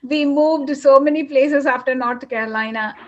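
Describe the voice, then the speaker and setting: High-voiced woman telling a heartfelt story. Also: muffled recording. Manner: earnest, emotional, with frequent pauses and fillers. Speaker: interview guest. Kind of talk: personal storytelling in conversation.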